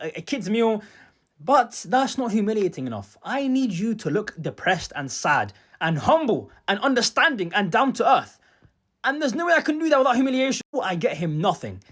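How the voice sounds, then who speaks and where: A young man telling a comic personal story for his vlog, animated and boastful, jumping between loud outbursts and quiet muttered asides. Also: sits high. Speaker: storytime vlogger.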